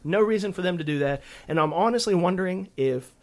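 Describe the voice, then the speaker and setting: A man co-hosting a casual gaming podcast, talking in a rambling, animated way with frequent restarts and casual swearing. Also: high voice, brisk. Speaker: podcast co-host. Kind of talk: casual chat.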